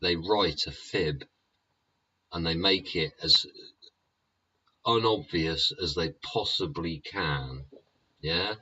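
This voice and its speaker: A YouTube show host with a deep voice talks slowly but with a bright, forceful tone, swearing throughout a rambling rant and tacking "yeah?" onto his lines. The lo-fi recording sounds dull, with slight background noise.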